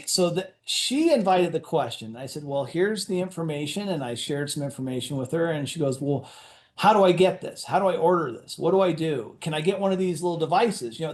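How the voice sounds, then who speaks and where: A man's voice: fairly high pitch, darkish tone. A man, a company executive, giving an enthusiastic motivational presentation to sales leaders, telling stories with acted-out dialogue and often restarting his words.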